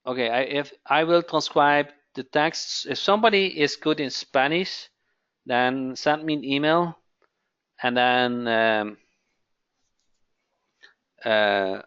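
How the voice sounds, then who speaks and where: A man hosting a live webinar sales pitch, who keeps asking "okay?" and repeats his phrases. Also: a bit bright, smooth, dull audio. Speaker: webinar host.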